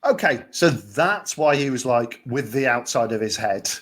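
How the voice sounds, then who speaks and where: A man's voice: medium pitch, expressive, a bit bright. Joking male comedian co-host. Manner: joking, quick comic asides and banter. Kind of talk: casual podcast chat.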